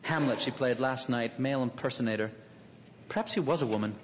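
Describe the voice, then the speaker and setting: A man's voice: medium pitch, fairly quick, a little hiss or hum, close to an everyday voice. An actor playing a wry middle-aged city man, drifting through an inner monologue full of asides. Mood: musing. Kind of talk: radio drama acting. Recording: long hall reverb, faint ambience.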